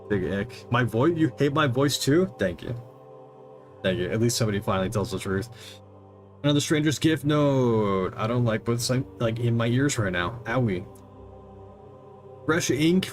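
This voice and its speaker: A man streaming a game, rambling and mocking himself as he mutters through settings and chats. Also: mid-range voice. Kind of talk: casual gaming livestream chatter. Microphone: desk mic with headphones monitoring.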